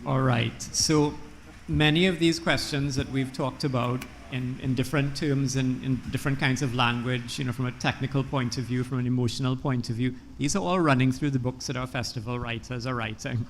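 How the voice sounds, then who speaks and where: A man's voice: medium pitch, fairly even intonation, fairly quick, slight background noise. A man moderating a literary festival panel, introducing questions in an easy, conversational way.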